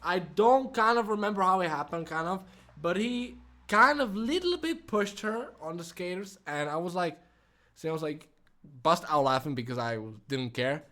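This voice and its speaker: A man's voice: sits high, expressive, moderate pace, sharp tone. Swearing young man telling a story. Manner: swears a lot, many fillers, non-native phrasing. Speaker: vlogger. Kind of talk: casual storytime.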